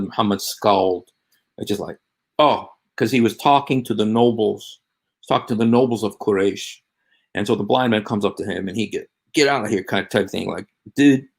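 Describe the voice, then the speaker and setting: Low gravelly guy rambling on his livestream, lots of ums and restarts. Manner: halting, rambling, many fillers and restarts. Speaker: livestream host. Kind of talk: casual livestream talk.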